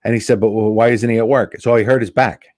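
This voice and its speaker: A man's voice: on the low side, quick pace, no echo. A male comedian telling a casual anecdote as a guest, acting out the dialogue. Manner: animated anecdote teller acting out quoted dialogue. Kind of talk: casual storytelling.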